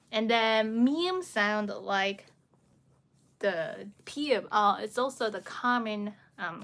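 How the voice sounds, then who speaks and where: Slow, bright-voiced woman teaching. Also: on the high side. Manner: patient, demonstrates sounds by repeating syllables; frequent fillers and restarts, laughs lightly. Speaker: Korean pronunciation teacher. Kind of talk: live-stream lesson, answering comments.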